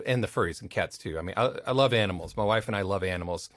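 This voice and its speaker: A man's voice: fairly low pitch, fast, a bit bright, no room sound. A man who works as a voice actor at a recording studio, telling rambling stories in a casual interview and slipping into playful quoted voices.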